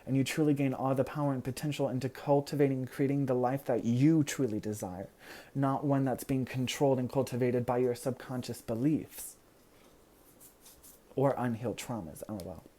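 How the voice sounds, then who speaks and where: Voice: medium pitch, normal speed, warm tone. A tarot card reader giving an earnest, reassuring pick-a-card reading straight to the viewer, full of "you know" fillers. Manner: loses words at times and laughs at own slips.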